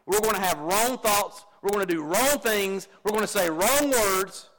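Man, middle-aged, pastor, high voice, folksy sermon, confessional. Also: normal speed, a bit bright. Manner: folksy, confessional, jokes with the congregation. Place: church.

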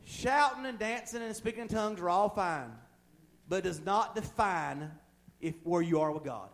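A man with a notably high voice preaches to his congregation in a folksy, plain-spoken way. His delivery rises from hushed, intimate lines to loud, fervent pushes. He drops humorous asides along the way. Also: moderate pace. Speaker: pastor. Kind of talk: sermon. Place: church.

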